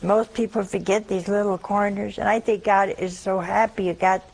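Gravelly woman giving a folksy sermon. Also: mid-range voice, moderate pace, low-quality recording. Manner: chatty, animated storytelling with sudden hushed asides. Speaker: Catholic speaker.

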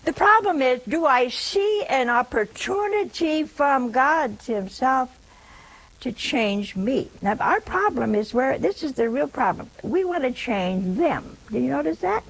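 A woman, a nun, preaching in an unhurried, measured way, her somewhat high voice carrying a soft husky grain. Her pitch rises and falls with lively expression as she talks conversationally, gently teasing and tossing rhetorical questions back at her listeners. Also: rough recording. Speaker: nun giving a spiritual talk. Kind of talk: sermon-like spiritual talk.

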